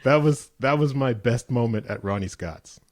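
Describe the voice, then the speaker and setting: A middle-aged man guest in an interview, telling relaxed anecdotes with easy laughter. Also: medium pitch, normal speed, no echo, studio quality. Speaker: guest musician. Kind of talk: casual interview chat.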